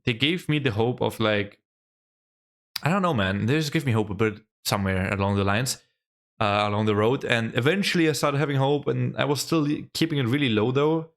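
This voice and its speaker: A young man hosting a reaction vlog, chatting casually and gushing with excitement, often tossing in "man" and "bro" along with the odd swear word. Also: medium pitch, a little fast. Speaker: reaction video host.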